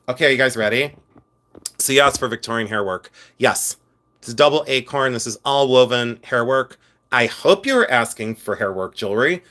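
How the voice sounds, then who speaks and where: A man from Ohio selling jewelry on a livestream, chatting casually in an excitable, rambling way and talking to his viewers. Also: medium pitch. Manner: rambling, excitable, talks to the chat. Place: his office.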